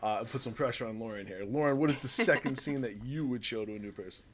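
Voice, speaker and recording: A man hosting a casual podcast game round, upbeat and quick to laugh. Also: medium pitch, crowd noise. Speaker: podcast host running a quiz round.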